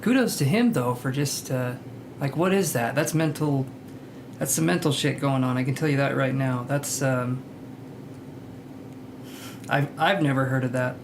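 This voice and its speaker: A man's voice: medium pitch, steady tone, measured pace, long pauses, background noise. A man hosting a live tarot reading stream, chatting casually, greeting viewers by name and joking about himself.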